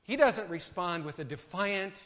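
A man preaches a sermon in a high, expressive, fairly bright voice at a normal pace, putting questions to his listeners and acting out what other people say. The sound is dull, recorded in a hall with a long reverb.

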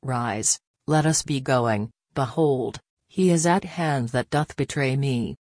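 A woman voicing Jesus, calm and sorrowful. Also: extremely low pitch, slow, dry recording, clean studio sound, heavily acted.

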